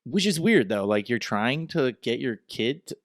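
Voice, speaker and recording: A man's voice: medium pitch, sing-song, normal speed, no room sound, studio quality. A man co-hosting a podcast, chatting casually with wry joking asides. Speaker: podcast co-host.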